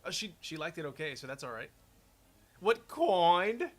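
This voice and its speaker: A man's voice: fairly high pitch, quick pace. A young man streaming a game, chatting casually and joking, laughing at his own fumbles. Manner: joking, playful, laughs at himself. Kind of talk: casual gaming chat. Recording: loud keyboard typing noise. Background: keyboard clicks and typing.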